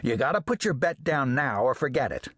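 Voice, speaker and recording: A man's voice: medium pitch, sing-song, fairly quick, fairly bright tone, husky, no echo, studio quality. Man voicing a nasal, growling old alley cat. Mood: warning. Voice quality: nasal twang. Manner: growling, blunt, bossy. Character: gruff male alley cat, bristly and ugly.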